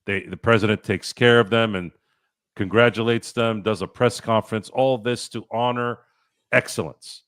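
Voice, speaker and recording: Deep-voiced man ranting bluntly. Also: steady tone, normal speed, fairly bright tone, no room sound, clean studio sound. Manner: blunt, ranting, swears freely. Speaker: podcast host. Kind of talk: opinionated sports talk.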